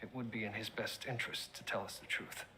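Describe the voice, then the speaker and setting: A polite, methodical detective. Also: male voice, fairly low pitch, steady tone, sharp tone, a little hiss or hum. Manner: polite, measured, formal. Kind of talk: period TV drama acting.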